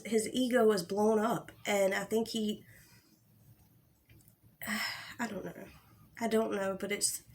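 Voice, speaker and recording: A woman's voice: mid-range voice, creaky, a little hiss or hum. A young woman hosting a casual livestream about online drama, talking bluntly with plenty of swearing and restarts. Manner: blunt and profane, with frequent restarts. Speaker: drama commentary host.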